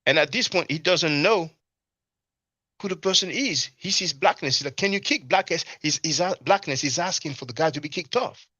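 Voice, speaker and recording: A man's voice: a little high, moderate pace, pushed and bright, husky, no room sound. A man giving casual commentary on a live stream and reading chat, mocking and scornful, often asking "you see?". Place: abroad in Europe.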